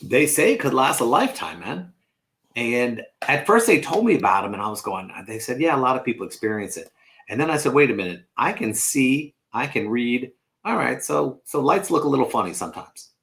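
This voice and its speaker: A man's voice: mid-range voice, very animated, fairly quick, gravelly, a bit bright. A man telling rambling, stammering comic stories in a casual radio chat. His voice sits mid-range but moves a lot, up and down. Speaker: lawyer and comedian guest.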